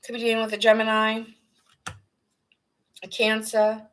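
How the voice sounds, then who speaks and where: A woman's voice: a little high, completely flat delivery, normal speed, a bit bright, a little hiss or hum, poor audio. A woman giving a casual tarot reading, earnest and rambling, sometimes dropping into whispered asides. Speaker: tarot reader.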